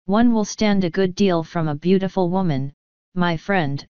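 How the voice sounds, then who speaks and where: Woman reading as calm shrewd old detective, measured and exact, low smooth voice. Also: no echo, close to an everyday voice. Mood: wry. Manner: measured, precise reasoning. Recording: dull, dry lo-fi audio.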